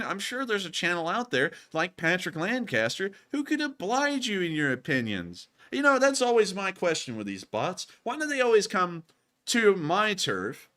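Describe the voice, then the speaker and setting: Young male stream host, high-pitched, bright and animated, playful and jokey. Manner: animated, quick asides, playful teasing. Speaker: livestream news host. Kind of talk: casual livestream chat.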